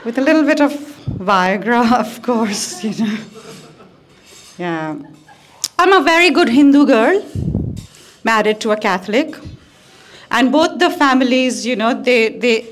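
A woman doing stand-up comedy on stage in front of a live audience, with deadpan delivery and crude punchlines. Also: a little high, a little slow, long pauses, slight background noise. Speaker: guest comedian.

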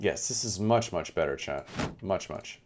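A man's voice: deep voice, moderate pace. A young man giving chatty live game commentary, talking to his chat as he plays. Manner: chatty, animated, talks to chat. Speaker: streamer.

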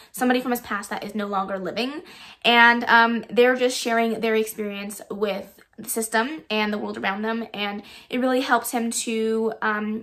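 A woman's voice: on the high side, a bit bright. Chatty woman book vlogger. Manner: chatty, enthusiastic, frequent ums. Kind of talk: casual book review vlog.

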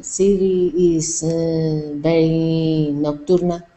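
A woman's voice: sits low, flat delivery, takes it slowly, warm tone, soft background music, low-quality recording. A woman whose first language is Spanish, with a Colombian accent, practicing English conversation hesitantly and searching for words. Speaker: English student.

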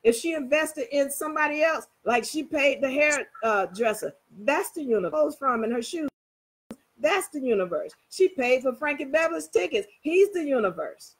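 A woman teaching in a casual, animated way, telling everyday stories and checking that listeners follow. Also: sits high, moderate pace, low-quality recording. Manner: animated, storytelling, coaxing listeners. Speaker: spiritual teacher. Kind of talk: casual motivational talk.

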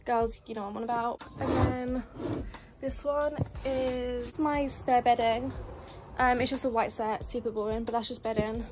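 A young woman with a slightly high, fairly even voice gives a chatty room tour of her student bedroom in university housing, listing things one after another at normal speed. Music plays beneath her voice and the background is noisy.

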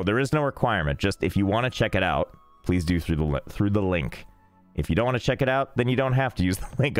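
Young guy streaming a game, kinda low voice, goofy deadpan rambling, faint game music under him. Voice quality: jokey, rambling, deadpan asides. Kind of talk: casual gameplay streaming.

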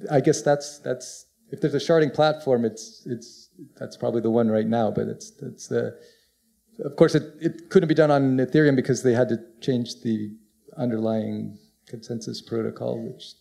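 A man's voice: mid-range voice, vocal fry, dark tone. A man speaking hesitantly on a conference panel, restarting his sentences. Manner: hesitant, halting, many restarts.

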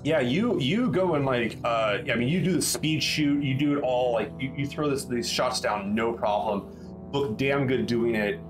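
A man's voice: mid-range voice, moderate pace, over music. A man narrating as game master in a rambling way, with lots of restarts. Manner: rambling, many fillers and restarts.

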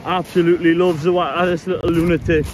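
High-pitched man cooing at his dog. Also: level tone, fast, slight background noise. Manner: coaxing the dog in a high sing-song voice, swears freely. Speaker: vlogger walking his dog. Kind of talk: casual chat while walking a dog. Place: outdoors on a coastline.

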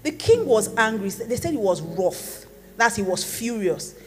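A woman's voice: on the high side, very animated, unhurried. A woman pastor preaching a sermon in a conversational, playful teaching manner. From Nigeria. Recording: long hall reverb with faint music.

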